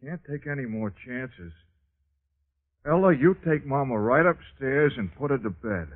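Brief: a fussing, bossy son, husky and lively in pitch, slow, on a tinny old radio play. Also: male voice. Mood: urgent. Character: fussy, caring grown son worried for his mother. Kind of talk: 1940s radio acting.

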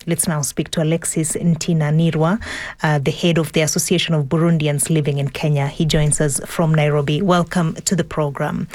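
A woman news presenter introducing a story and a guest in a steady, scripted delivery. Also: low voice, no room sound.

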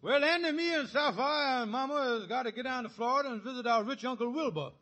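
An actor playing a scheming, fast-talking middle-aged husband in a 1950s radio comedy, wisecracking and stammering when cornered. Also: male voice, very high-pitched, sharp tone, exaggerated voice. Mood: salesy. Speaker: lead comic character. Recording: scratchy old radio recording with hiss.

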